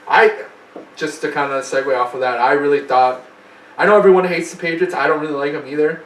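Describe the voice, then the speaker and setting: A man's voice: on the high side, fairly even intonation, a little fast, fairly bright tone. A man co-hosting a podcast, chatting loosely with friends in profane, jokey banter. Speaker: podcast co-host. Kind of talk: casual chat. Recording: roomy, distant mic with faint noise.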